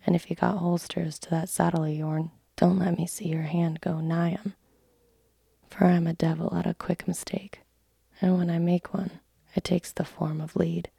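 A gruff, suspicious coach guard , whispered by a woman, growls his warnings in rustic dialect. The whispered role-play comes out gravelly and breathy, with little lift in the pitch. It sits dry and close to the mic. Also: flat delivery, moderate pace, warm tone, dry recording, exaggerated voice.

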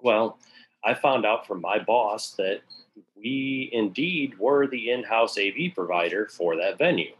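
Man, low voice, casual storyteller, profane, acts out quotes. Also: measured pace, a bit bright, a little hiss or hum, poor audio. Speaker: guest telling a work story.

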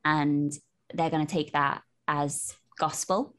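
A woman's voice: sits low, steady tone, takes it slowly. A woman co-hosting a podcast, chatting casually and wrapping up the episode. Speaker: podcast co-host. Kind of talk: casual chat.

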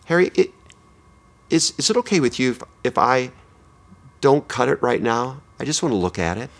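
A man's voice: a little high, animated, pitched above the performer's own voice. A man putting on Agnes, a hurt, lonely woman. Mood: hesitant. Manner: defensive, then halting and soft. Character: lonely middle-aged woman, hurt and guarded.

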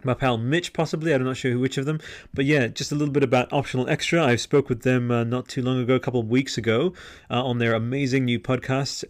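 A man hosting a podcast livestream, chatting casually and rambling with lots of fillers and restarts. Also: mid-range voice. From Australia. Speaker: podcast host. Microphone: headset microphone.

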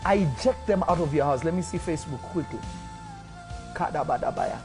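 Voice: mid-range voice, expressive, music in the background. Fervent preacher speaking in tongues. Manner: commanding declarations mixed with speaking in tongues; rising to loud fervent peaks, then dropping to quick murmurs. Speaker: pastor. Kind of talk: live-streamed deliverance prayer.

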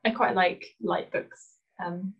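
A woman with a Northern English accent, an author chatting relaxed and laughing easily on a video call. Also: fairly low pitch, slow, breathy edge, highs cut off. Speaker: author being interviewed. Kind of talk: casual chat.

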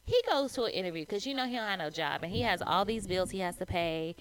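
A woman co-hosting a podcast in casual, animated chat, speaking colloquially. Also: fairly low pitch, fast, clean tone. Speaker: podcast co-host.

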